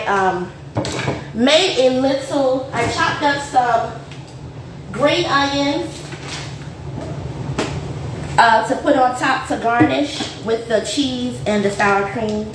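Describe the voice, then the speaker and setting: A woman's voice: fairly high pitch, slow pace, long pauses, distant mic. A woman hosting a casual home cooking livestream, chatty and upbeat as she plates food for viewers. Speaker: host of a home cooking show. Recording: echoey room, voice off mic, faint noise.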